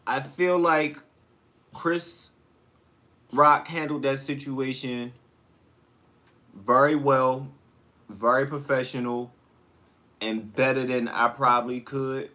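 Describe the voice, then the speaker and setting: A man hosting a casual livestream, chatting with viewers and telling stories in a slangy, animated way. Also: medium pitch, slow, pauses often, dull audio. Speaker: livestream host. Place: home kitchen.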